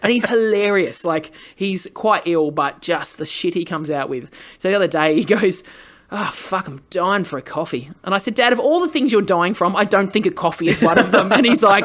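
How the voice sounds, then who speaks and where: A woman's voice: mid-range voice, lively intonation, a little fast, fairly bright tone. A middle-aged woman with an Australian accent, a comedian chatting on a podcast, telling stories with plenty of swearing and acted-out quotes. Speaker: comedian guest. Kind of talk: casual podcast chat.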